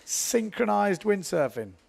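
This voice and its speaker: A man's voice: high-pitched, sing-song, a little slow, vocal fry. Chatty self-mocking male sports commentator. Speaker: windsurf commentator.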